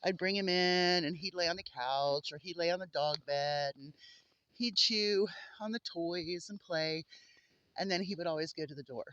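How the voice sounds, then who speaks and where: A woman's voice: on the low side, moderate pace, a bit bright, muffled recording. A woman vlogging on a homestead in a windy snowstorm, chatty and cooing to her animals, a little out of breath. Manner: chatty, coos affectionately at animals. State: out of breath from wind. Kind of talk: casual vlog chat to camera. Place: outdoors in a windy snowstorm and in a coop. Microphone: handheld camera.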